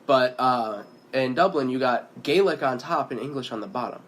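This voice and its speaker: A man co-hosting a casual chat, rambling through travel stories and getting animated when amused. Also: mid-range voice, moderate pace, slight background noise. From United States. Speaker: podcast co-host.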